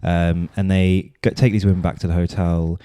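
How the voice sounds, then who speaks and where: A man's voice: deep voice, flat delivery, moderate pace, warm tone, clean tone, dry recording. A man co-hosting a podcast, talking through a film in a rambling, casual way full of fillers. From London. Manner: rambling, filler-heavy, with restarts. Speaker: podcast co-host.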